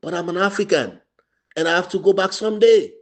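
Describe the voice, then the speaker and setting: A middle-aged man from Sierra Leone with a Sierra Leonean Krio English accent, giving impassioned radio commentary as a democracy activist, repeating his phrases and swinging from loud stress to low murmurs. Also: a little fast.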